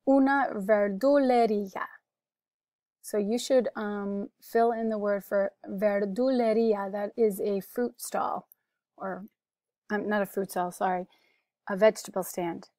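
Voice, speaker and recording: An American woman teaching a recorded Spanish vocabulary lesson, slow and careful, saying each word twice for pronunciation. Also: medium pitch, steady tone, mellow, no room sound. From United States.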